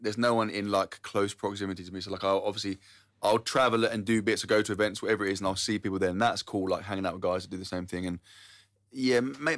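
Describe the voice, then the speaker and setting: Give me a podcast guest speaking fast in a low voice, rambling casually and agreeing often. His voice is close and dry, with no room sound. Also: a bit bright, no echo. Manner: rambling, many fillers and agreeing "yeah"s.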